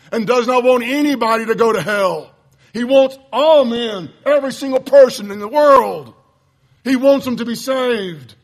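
Impassioned high-voiced preacher. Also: male voice. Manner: impassioned, blunt, addresses listeners as folks. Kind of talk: sermon lesson.

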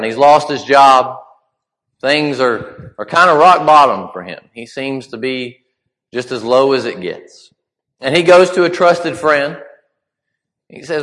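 A man's voice: medium pitch, fairly bright tone. Man preaching in a reverberant hall. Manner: conversational, halting, many restarts. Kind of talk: sermon.

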